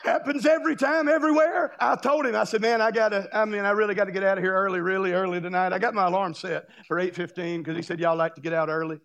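A man from Florida, a guest pastor, preaching a fiery revival sermon in a church, shouting and folksy. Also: high-pitched, fairly even intonation, fast talker, few pauses, highs cut off. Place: church sanctuary.

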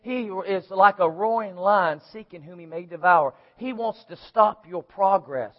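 A man's voice: high voice, unhurried, muffled recording. A man preaching a sermon in church, emphatic, calling out to the congregation for answers. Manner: emphatic preaching with call-and-response.

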